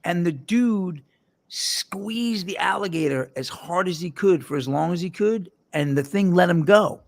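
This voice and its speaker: Man, podcast host, casual rambling banter, gravelly voice, dry close mic. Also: high voice, animated, measured pace, no room sound. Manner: rambling, jokey storyteller.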